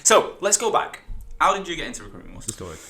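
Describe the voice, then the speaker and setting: A man's voice: on the high side, wildly swooping pitch, fast, vocal fry, sharp tone. A man hosting a podcast, chatting in a friendly, enthusiastic way with his guest. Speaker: podcast host. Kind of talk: casual interview chat.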